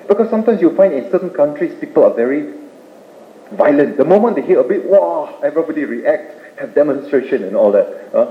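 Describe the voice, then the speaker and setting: A man giving a Buddhist Dharma talk, explaining points with rhetorical questions and tag-ending "eh?". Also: a little high. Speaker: Buddhist speaker. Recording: tinny roomy old tape with faint hiss.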